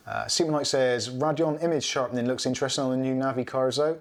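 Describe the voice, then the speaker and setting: A man's voice: mid-range voice, quick pace, hardly any pauses. A middle-aged British man hosting a casual live stream, rambling chattily and reading out viewer comments.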